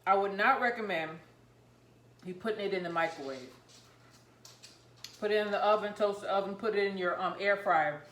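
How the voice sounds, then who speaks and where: A woman vlogging about home cooking, chatting excitedly and rambling while she tastes and eats her food. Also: mid-range voice, moderate pace, long pauses, reverberant. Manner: talking while eating, mouth full. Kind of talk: casual cooking vlog, tasting on camera.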